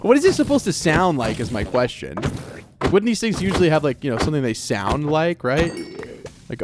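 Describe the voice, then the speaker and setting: Over game music and a noisy background, a man casually narrates his let's play, laughing a lot and answering the game directly. His voice sits a little high, swings widely in pitch, and moves at a moderate pace.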